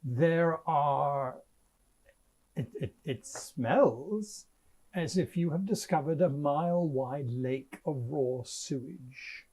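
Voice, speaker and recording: Slow, higher-voiced man running the game. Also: a little mellow. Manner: drawn-out, vividly descriptive, dryly joking. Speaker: game master. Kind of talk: narrating a tabletop game.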